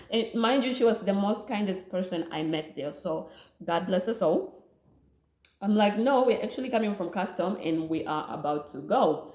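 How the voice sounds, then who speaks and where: A young Namibian woman with a Namibian accent, telling a lively storytime vlog, laughing often and mixing in local words. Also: medium pitch, normal speed, echoey room. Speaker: vlogger. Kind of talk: storytime chat.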